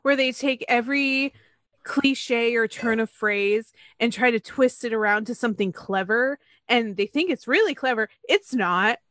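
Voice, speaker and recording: A woman's voice: on the high side, unhurried, fairly bright tone, dry recording. A young woman co-hosting a podcast, chatting casually with blunt, sarcastic remarks and swearing. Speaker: podcast co-host. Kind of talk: casual chat.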